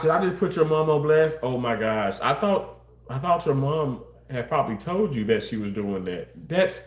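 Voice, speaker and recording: A man's voice: expressive, moderate pace. A man livestreaming and reading chat aloud, making crude jokes and protesting with mock innocence. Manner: voice jumps high when protesting. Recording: roomy echo.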